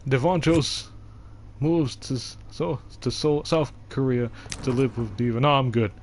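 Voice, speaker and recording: A man's voice: medium pitch, steady tone, a little slow, a little mellow, slight background noise. A young man streaming live, chatting casually in a rambling way with lots of fillers and restarts. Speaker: game streamer.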